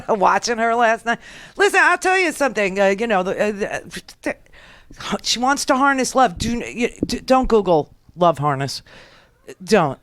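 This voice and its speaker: A woman's voice: fairly high pitch, very animated, unhurried, no echo. A middle-aged woman hosting a political talk radio show, sarcastic and rambling, with laughing asides.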